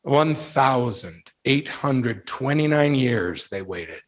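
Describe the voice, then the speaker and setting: A man's voice: mid-range voice, slow pace. A man giving a storytelling devotional talk to young people. He acts out the voices in his anecdotes and builds his point through rhetorical questions and emphatic repetition. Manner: animated storyteller who acts out quoted voices. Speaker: youth speaker.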